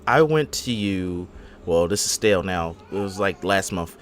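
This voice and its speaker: Man, podcast host, casual chat, slangy storyteller, lowish voice, faint background noise. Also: lively intonation, normal speed. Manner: laid-back storytelling, slangy.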